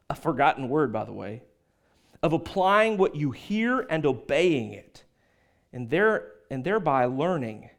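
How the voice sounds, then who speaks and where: A male pastor delivering a sermon in a church. His voice sits a little on the high side, and he talks conversationally, breaking off for asides and acted-out quotes. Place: church sanctuary.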